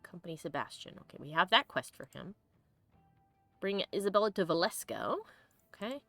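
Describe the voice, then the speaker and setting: A woman streamer talks over her game in a bubbly, giggly way, a little congested. Her voice is bright and lively, with faint music beneath it. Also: on the low side, brisk, dry recording. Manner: bubbly, giggly, chatty with viewers. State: sniffly, congested. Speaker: let's play host. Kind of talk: casual gameplay commentary.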